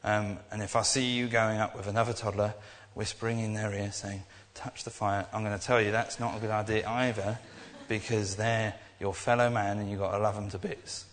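Rambling young preacher in a hall. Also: male voice, on the low side, flat delivery, brisk, hardly any pauses. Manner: rambling and earnest, with many restarts. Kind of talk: informal sermon. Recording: echoey hall.

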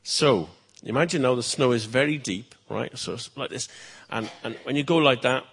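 Gravelly male pastor telling a story. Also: mid-range voice, normal speed. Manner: lively storytelling, chatty asides. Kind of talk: children's story talk in church.

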